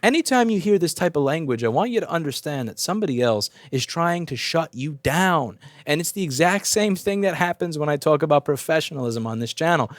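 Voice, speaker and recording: A man's voice: on the high side, no echo, studio quality. A man who owns a repair shop and hosts the channel, speaking in a casual opinion rant. He is blunt and profane and repeats himself as he talks.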